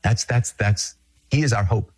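A middle-aged priest from Minnesota talks to the listener in a husky, slightly low voice. He teaches in a conversational way, earnest and emphatic, and he drives his points home by repeating short phrases. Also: a little slow. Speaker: Catholic priest.

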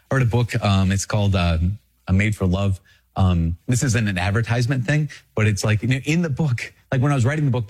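A middle-aged man, a priest, giving an earnest, animated talk with lively self-mocking asides. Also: lowish voice. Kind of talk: podcast homily and video talk.

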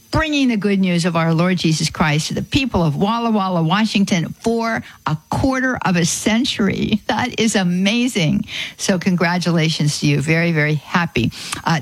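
A woman's voice: lowish voice, dry recording, rough recording. A middle-aged woman hosting a live call-in radio show, chatty and friendly, often repeating the phone number. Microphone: studio microphone.

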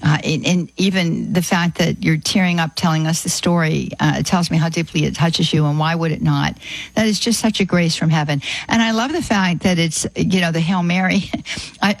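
A woman's voice: fairly low pitch, no echo, poor audio. A woman hosting a call-in radio show, talking in an effusive, heartfelt way and thanking callers over and over. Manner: warm, effusive, repeats "beautiful" often. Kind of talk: Catholic radio call-in chat.

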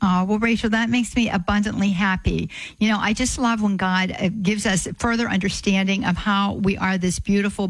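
A woman hosting a call-in radio show, leading a spoken prayer and talking warmly with callers in an earnest, repetitive way. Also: mid-range voice, no echo, rough recording. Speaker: radio host.

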